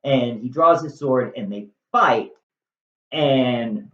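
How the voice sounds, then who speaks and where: Slow, wry man retelling a play. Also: medium pitch. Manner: wry, conversational, jokey asides. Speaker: video host. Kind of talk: casual storytelling lesson. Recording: roomy, slightly dull recording.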